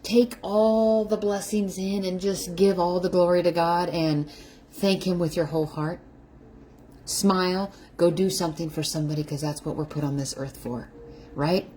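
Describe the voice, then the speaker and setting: A middle-aged woman chatting on a live stream from her home kitchen, her voice low and soft-edged. She greets viewers by name and speaks in an effusive, heartfelt way, a little teary-eyed. A faint hiss sits under her voice. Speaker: keto lifestyle livestream host. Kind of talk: casual livestream chat.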